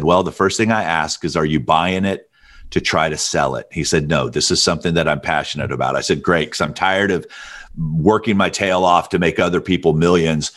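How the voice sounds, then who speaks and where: A middle-aged man from Alabama with a rich, deep voice, telling stories as an interview guest. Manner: relaxed storyteller with a deep radio-style voice. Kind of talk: storytelling interview.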